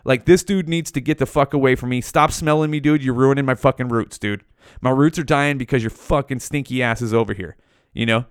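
Casting: man doing a foul-mouthed plant scolding a smelly human, mid pitch, dry sound. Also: brisk, smooth, no echo, close to an everyday voice. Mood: disgusted. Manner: profane, scolding. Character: rude disgusted male flowering plant.

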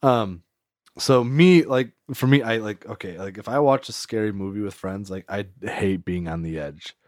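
In a casual storytelling chat, a podcast co-host with a lowish voice and moderate pace rambles through a tale, saying "like" a lot and laughing frequently. It's studio quality, with no echo.

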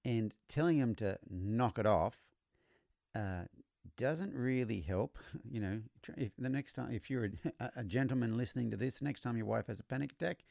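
Gravelly man, dry close sound. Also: medium pitch, moderate pace, no echo. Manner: storytelling, relaxed, repeats words when restarting. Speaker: podcast host, horse trainer. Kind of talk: conversational teaching monologue.

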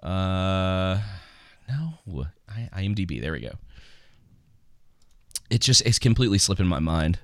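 Male podcast co-host, low-pitched, relaxed rambling chat, lots of fillers. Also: a little slow, pauses often, no room sound, studio quality. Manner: rambling, many ums and restarts, jokey. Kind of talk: casual chat about movies.

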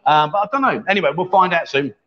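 High-voiced joking man in his fifties. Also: expressive, quick pace. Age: 50s. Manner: jokey, banter-heavy, loud. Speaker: livestream host. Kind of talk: casual live-stream chat. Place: bar in Pattaya. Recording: dull, lo-fi livestream sound.

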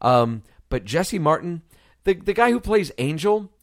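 A man's voice: on the high side, measured pace, no room sound, clean studio sound. A man co-hosting a casual movie review chat, swearing freely and mimicking characters as he talks. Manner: profane, animated, mimics singing and characters. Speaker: podcast co-host.

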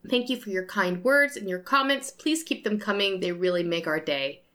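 A woman's voice: medium pitch, normal speed. A woman hosting a tabletop podcast, giving an upbeat scripted intro and ad read. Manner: warm, upbeat address to listeners. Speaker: podcast host.

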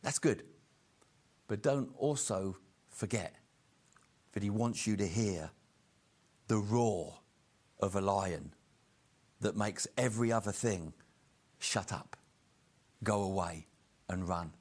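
A male preacher with a slightly low voice delivers a sermon in an earnest, steady way. He slows his words to stress each key point.

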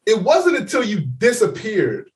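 A man co-hosting a podcast, telling a story in casual chat, laughing often and loudly acting out what people said. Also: high-pitched, a little slow, distant mic. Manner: animated, laughing, acts out quotes loudly. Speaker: podcast co-host.

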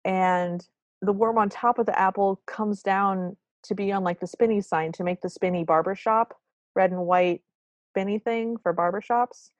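A woman's voice: medium pitch, steady tone, moderate pace, no echo, muffled recording. A woman co-hosting a podcast, recapping a cartoon in a wry, apologetic, casual way. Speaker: podcast co-host.

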